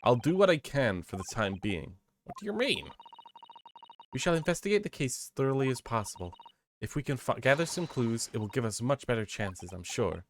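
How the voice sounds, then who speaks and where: A man voicing a calm, measured young male lawyer in a game. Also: mid-range voice, a little hiss or hum, pitched above the performer's own voice. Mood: reassuring.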